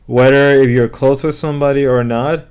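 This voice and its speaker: Man, casual reaction commentary, explanatory, mid pitch. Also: steady tone, moderate pace, darkish tone, clean tone. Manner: explanatory, casual, repeats "right?".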